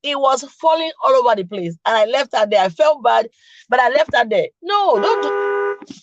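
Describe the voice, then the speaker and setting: A woman's voice: a little high, big pitch swings, moderate pace, highs cut off, noisy background. Chatty laughing Nigerian woman host. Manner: chatty, laughs often, teases viewers directly. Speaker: podcast host. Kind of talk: casual chat to viewers.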